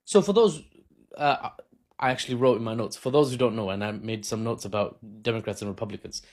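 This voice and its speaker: A man's voice: fairly low pitch, fast talker. A man talking into his phone camera, casually explaining politics in an unscripted, self-mocking way with frequent laughs. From Britain. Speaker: political commentator.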